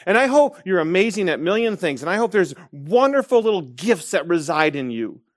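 A man's voice: sits high, sing-song, dry recording. A man from Michigan delivers a sermon in a slightly raised voice, drawing out key phrases for emphasis. He moves between personal stories and exhortation. The recording is close and dry. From Michigan, USA. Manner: storytelling, emphatic with slow stressed phrases. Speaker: preacher.

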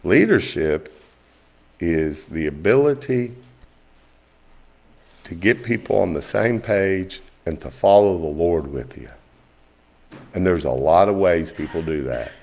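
A pastor with a deep, gravelly voice tells stories from the pulpit. His delivery is folksy and animated, with plenty of fry at the ends of phrases. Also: slow pace, pauses often. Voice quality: low gravelly voice. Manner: folksy, animated storytelling, rising high when quoting others. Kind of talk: storytelling sermon.

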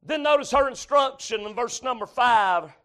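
Man, high voice, preacher, shouting sermon, murmured amens. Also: normal speed. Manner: shouts and cries out at peaks, drops to a murmured "amen". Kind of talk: revival sermon. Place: church.

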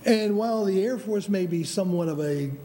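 A man's voice: high voice, fairly quick, dark tone, a little hiss or hum. An older American man preaching a sermon, emphatic, with frequent restarts and calls of "Amen?". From United States.

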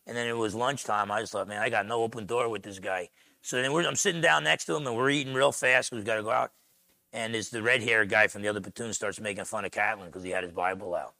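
A gravelly, bright-toned man with a New Jersey accent preaches a sermon as a pastor. He tells his stories in an animated, conversational way. The sound is dry and close. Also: fairly low pitch, fast, no room sound.

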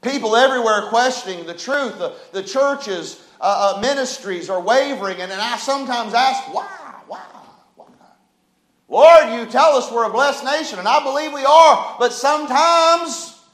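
A man preaching a sermon as pastor, firing off rhetorical questions and swinging between hushed asides and loud cries. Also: very high-pitched, moderate pace. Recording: echoey room.

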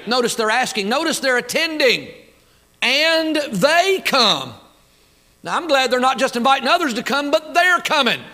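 A man's voice: very high voice, sing-song, moderate pace, bright, forceful tone. A man preaching a sermon, fired up and folksy, talking back and forth with the crowd. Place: church auditorium.

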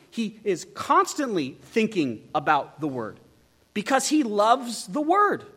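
A man preaching an expository sermon, emphatic and animated, asking the listeners many rhetorical questions. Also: high voice, slow, slightly rough. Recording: long hall reverb.

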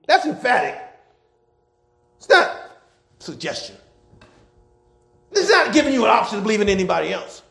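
In a church before his congregation, a male pastor preaches in a strikingly high voice whose pitch swoops lively, with a gravelly rasp beneath it. He bellows scripture, then slips into quiet, rapid asides, repeating key lines back to the people in call-and-response fashion.

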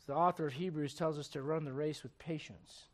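A man preaching a sermon. He swings between quiet, close asides and loud, emphatic preaching, and keeps asking his listeners rhetorical questions. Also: fairly high pitch, fairly even intonation, a little fast. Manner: asks the congregation rhetorical questions.

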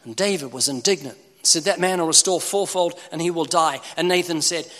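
A man preaches with urgency and pleading force, his loudness swinging sharply between loud and soft. His voice sits high and sounds bright and forceful. A long reverb from a large hall trails each phrase. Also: brisk, few pauses. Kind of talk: sermon.

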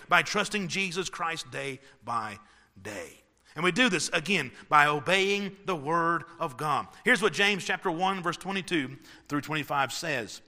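A man preaches a sermon in a very bright, tense voice pitched a little high. He drives his points with emphatic rhetorical questions, then drops to quiet asides. His voice rings out with a long hall reverb behind it. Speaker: pastor.

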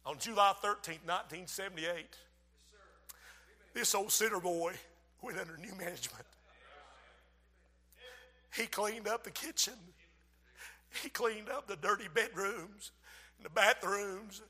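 A man preaching a sermon as pastor of a church, swinging between loud outbursts and hushed asides. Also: sits high, a little slow, pauses often, husky, in a large hall.

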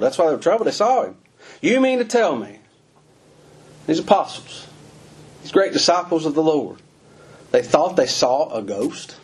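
Husky pastor preaching, folksy, fires off questions at the folks. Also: male voice, medium pitch, a little mellow. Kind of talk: sermon.

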